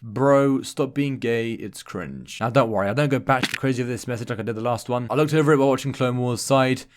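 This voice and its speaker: A man delivers a scripted comedy voice-over for a gaming channel. His pitch sits right in the middle, and he races through the lines. The humour is deadpan and sarcastic, often turned on himself. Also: very fast, background noise. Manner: sarcastic, deadpan self-mocking. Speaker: YouTube gaming commentator.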